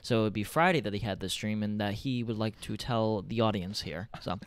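A man's voice: lowish voice, a little fast. A man hosting a casual podcast, explaining things in a rambling way with many fillers. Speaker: podcast host.

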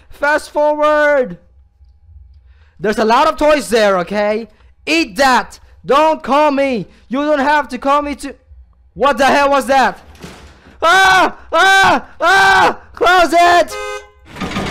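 A man with an unusually high voice narrates a horror game as he plays. He speaks slowly and draws out his words, breaking into gasps, yelps and nervous laughter whenever something startles him. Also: fairly bright tone. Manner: jumpy, gasping and yelping, nervous laughter. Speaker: let's play gamer.

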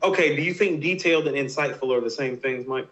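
A man's voice: mid-range voice, fast, a bit bright. A man co-hosting a podcast, arguing his points in an emphatic, insistent way during a casual debate. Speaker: podcast co-host. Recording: roomy, dull lo-fi sound.

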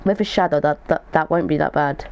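A man's voice: a little high, brisk, vocal fry, slight background noise, poor audio. A young man giving casual gaming commentary as a YouTuber, thinking aloud as he goes. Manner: chatty, thinks aloud while opening packs.

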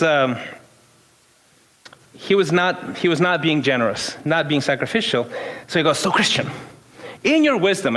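A man in his fifties preaching in a relaxed, conversational way, moving from personal stories to his point. His voice sits a little higher than most men's. He often restarts his sentences as he talks. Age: 50s. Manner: storytelling, informal, frequent restarts. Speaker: pastor. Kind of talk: conversational sermon.

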